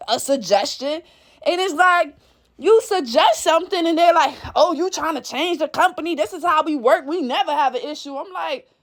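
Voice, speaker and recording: A woman vlogger in a casual monologue rant, blunt and profane, telling everyday stories with animated energy. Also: high voice.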